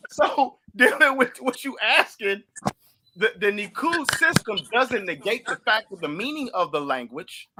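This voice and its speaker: A man's voice: sits high, lively intonation, a little slow, heavy background noise. A man from St. Louis hosting a heated religious debate, pressing his opponent with repeated questions and mocking laughs. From St. Louis, USA. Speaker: podcast host.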